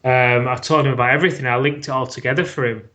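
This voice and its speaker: A British man appears as a podcast guest, telling a personal story frankly, swearing freely and acting out things he once said. His voice is medium in pitch and steady, with a quick pace and a sharp edge.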